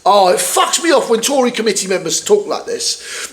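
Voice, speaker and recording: In a high voice with big pitch swings, a UK podcast co-host talks at a moderate pace and barely pauses. He reads news aloud and rants angrily, swearing heavily, in a casual political discussion.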